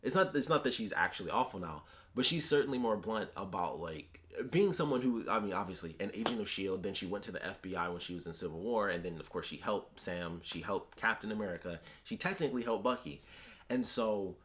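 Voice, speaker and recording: A man's voice: low voice, lively intonation, a little fast, a bit bright. A man giving a casual spoken review of a TV episode, rambling with lots of fillers and restarts.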